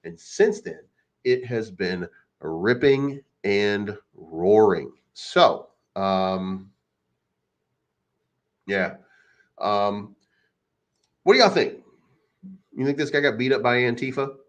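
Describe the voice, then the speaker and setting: A man's voice: fairly low pitch, lively intonation, slow pace, pauses often. A man hosting a crypto channel, ranting casually in a rambling, crude, mocking way. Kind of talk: casual unscripted rant. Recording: dull lo-fi recording.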